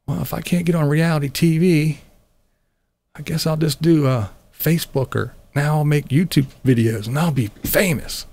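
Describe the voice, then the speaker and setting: A man's voice: on the high side, expressive, moderate pace, vocal fry, darkish tone. A middle-aged man hosting a live stream, chatting casually with viewers in a blunt, sarcastic way, swearing and laughing often. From Pennsylvania.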